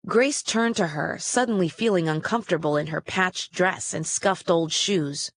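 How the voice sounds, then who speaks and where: A woman's voice: lowish voice, moderate pace, dry recording. Woman reading a children's story. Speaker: storybook reader. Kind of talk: children's story read-aloud.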